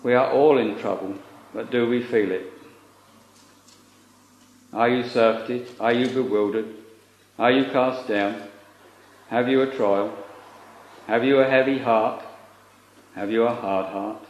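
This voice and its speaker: A man's voice: mid-range voice, fairly even intonation, measured pace, pauses often. Solemn man preaching in an echoey room. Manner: solemn, earnest, old-fashioned scriptural phrasing. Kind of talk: sermon.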